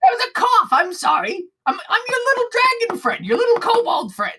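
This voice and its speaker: A woman's voice: extremely high pitch, big pitch swings, brisk, bright, forceful tone, slight background noise, exaggerated voice, rough recording. A woman doing a stammering little kobold fella. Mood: wheedling. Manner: stammering, eager and wheedling. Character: fawning little male kobold bard.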